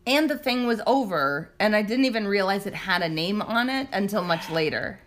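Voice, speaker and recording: A woman's voice: medium pitch, animated, normal speed, a bit bright, a little hiss or hum. A woman in her thirties telling a long story in casual chat, rambling and swearing, acting out quotes. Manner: rambling, profane, acts out quotes.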